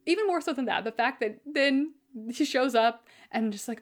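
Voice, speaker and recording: Chatty woman with animated voice swings. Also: moderate pace. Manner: animated, acts out quoted lines with pitch jumps and laughs. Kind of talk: casual chat.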